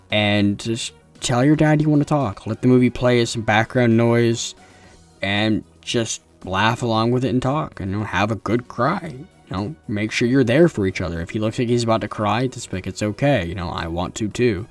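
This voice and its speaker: A man's voice: mid-range voice, moderate pace, faint music behind. A young man hosting an advice video, talking in a casual, earnest, consoling way with frequent restarts, recorded in a room at home.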